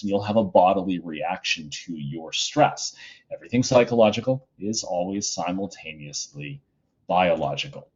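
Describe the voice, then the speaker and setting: Low-pitched middle-aged guy teacher, chatty home lesson, lots of ums, kinda muffled recording. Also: a little mellow, husky. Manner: casual, chatty, many fillers. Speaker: high school psychology teacher.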